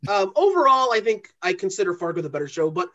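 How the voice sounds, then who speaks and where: A man from New England talking casually as a podcast guest, animated and swearing freely. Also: high voice, fast talker, muffled recording. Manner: animated, swears freely, slips into comic voices. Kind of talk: casual chat.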